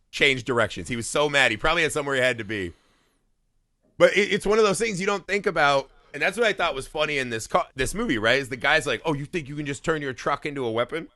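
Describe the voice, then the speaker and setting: A man in his thirties from Indiana, co-hosting a podcast and telling a story in animated, profane casual chat. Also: on the high side, brisk, no echo. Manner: animated storytelling, heavy swearing, laughing. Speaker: podcast co-host.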